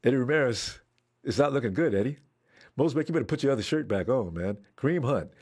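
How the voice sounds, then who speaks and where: A man reacting live to a football game, excitable, talking at the players on screen and trash-talking them. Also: mid-range voice, quick pace, breathy edge. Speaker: football fan watching a game.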